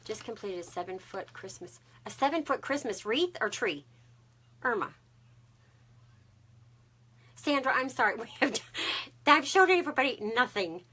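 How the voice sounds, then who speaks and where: A woman's voice: a little high, animated, moderate pace, long pauses, pushed and bright, slightly rough. A woman, chatting to viewers on a craft live stream and greeting them by name. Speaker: craft livestream host.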